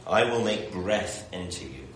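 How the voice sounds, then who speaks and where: A man's voice: low-pitched, expressive, unhurried, fairly bright tone. A man giving an informal Bible talk to a morning group, reading scripture aloud with a self-deprecating manner. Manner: self-deprecating, laughs while talking. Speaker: Bible teacher. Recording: echoey room with background noise.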